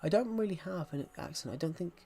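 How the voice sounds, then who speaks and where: Talking fast in a fairly high, mellow voice with vocal fry, a rural English man with a heavy West Country accent chats to his live-stream viewers. He rambles, repeats phrases, and keeps calling them guys.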